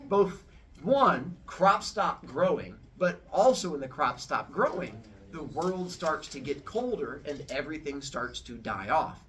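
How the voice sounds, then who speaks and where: A man's voice: sharp tone, distant mic. A man casually retelling an old myth as a comic story, playfully switching into character voices. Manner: playful, jumps into high squeaky voices for characters. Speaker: storyteller host.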